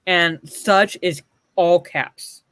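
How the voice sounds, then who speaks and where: A man's voice: fairly high pitch, lively intonation, normal speed, a bit bright, dry recording. A man co-hosting a casual online chat show, reading comic panels aloud with sarcastic, swearing commentary. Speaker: podcast co-host.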